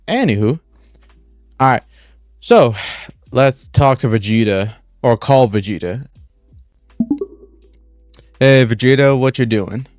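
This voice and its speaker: A man's voice: mid-range voice, animated, unhurried, darkish tone, no echo, faint music behind. A young man streaming live, rambling casually with lots of "like" and restarts and talking through what he is doing step by step. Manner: rambling, full of "like" and restarts, talks through each step aloud.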